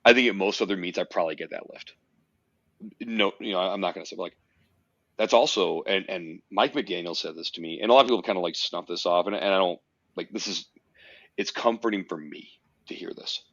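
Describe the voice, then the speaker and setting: A man with a very low voice speaks as a podcast guest, emphatic and swearing freely as he tells his story. The sound is dry and a bit muffled, with no room around it. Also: brisk, creaky, no room sound. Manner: emphatic, swears often, tells stories intensely. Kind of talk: casual podcast conversation.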